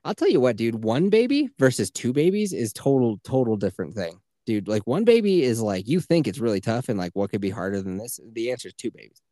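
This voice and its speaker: A man in his thirties gets swept up in his own stories on a casual podcast, swearing freely and laughing often. His pitch swings up and down as he talks. The sound is close and dry, with no room around it. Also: big pitch swings, brisk, mellow, dry recording. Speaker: podcast co-host, stay-at-home father.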